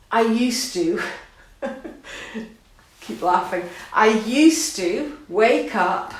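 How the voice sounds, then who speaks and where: A middle-aged woman talks straight to her listeners in a reflective, heartfelt way. Her voice sits at an ordinary pitch. It rings heavily around a bare, echoey room. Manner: reflective, earnest, laughing and emotional at times. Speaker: art course host. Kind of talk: personal talk to camera.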